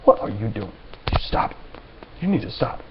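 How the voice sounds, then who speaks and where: A man voicing a calm, stern mother figure who firmly scolds. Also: lowish voice, normal speed, dull audio, noisy background. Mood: scolding. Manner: firm, assertive scolding.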